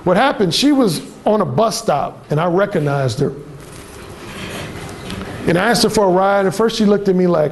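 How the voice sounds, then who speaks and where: A man's voice: high-pitched, lively intonation, normal speed, pauses often, slight background noise. A man who is a dating coach, giving a blunt and profane storytelling talk to a live audience at a seminar.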